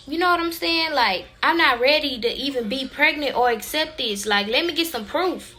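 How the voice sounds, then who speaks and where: Young woman vlogger, chatty storyteller, bright high-ish voice. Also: moderate pace, few pauses. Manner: animated, chatty, addresses viewers as y'all. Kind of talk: casual storytelling to viewers.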